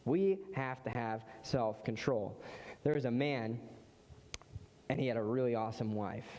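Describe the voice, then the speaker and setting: A mellow, medium-pitched male voice preaches a little slowly, as a pastor giving a conversational sermon with emphatic repetition. It echoes with long reverb through the large church sanctuary.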